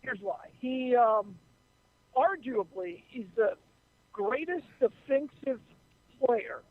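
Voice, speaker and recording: A man's voice: very high voice, expressive, slow pace, no echo, phone-quality sound. A man co-hosting on talk radio, chatting casually and agreeably, confident when talking sports. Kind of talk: casual on-air chat. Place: radio studio.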